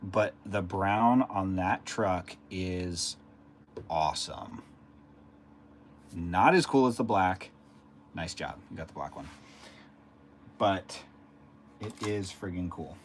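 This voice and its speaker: Low-voiced man chatting on a live stream. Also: lively intonation, slow pace, pauses often, slight background noise. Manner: rambling and chatty, reading out and answering chat. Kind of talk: casual live-stream chat with viewers.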